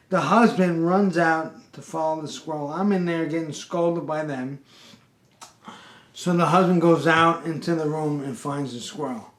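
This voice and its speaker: A man telling a comic story in an animated, exasperated, streetwise way. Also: a little high. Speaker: pest control worker and storyteller. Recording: roomy echo.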